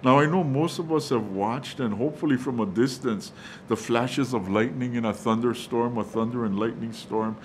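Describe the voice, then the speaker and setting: A man preaching a sermon at a middle pitch. He often stops and restarts, with plenty of fillers, and he calls his listeners guys. A faint low rumble sits behind his voice. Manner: halting delivery with many fillers and restarts; quotes the angel in a hushed, reassuring voice. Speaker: pastor.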